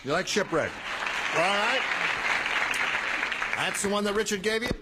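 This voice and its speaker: A man's voice: sits high, lively intonation, measured pace, over a noisy crowd, heavy background noise. Jokey man hosting a game show. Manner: jokey, bantering. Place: 1970s TV studio with live audience. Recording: old TV broadcast, loud audience and music.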